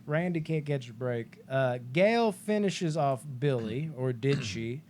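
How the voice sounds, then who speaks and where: A man co-hosting a casual movie podcast, rambling excitedly, swearing often and acting out movie lines. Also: medium pitch, measured pace, a little hiss or hum. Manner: rambling, excited, swears a lot, acts out quotes. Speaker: podcast co-host.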